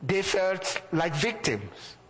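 A man's voice: high-pitched, very animated, takes it slowly, fairly bright tone, long reverb tail, low-quality recording. A man preaching a sermon as pastor, asking the congregation rhetorical questions and chuckling between points.

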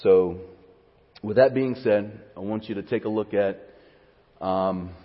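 Male preacher, husky voice, long hall echo, swings from calm teaching to fervent pleas. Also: lowish voice, measured pace. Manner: builds to fervent, rising pleas, then drops to quiet teaching. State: near tears. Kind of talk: sermon. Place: church sanctuary. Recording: dull sound with long hall reverb.

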